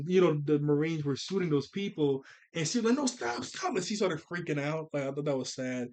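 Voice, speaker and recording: A man rambles through a casual commentary on an anime film, laughing often and doubling back when he loses the thread. His speaking voice sits a bit high for a man, and his delivery stays loose and slangy throughout. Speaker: anime reviewer.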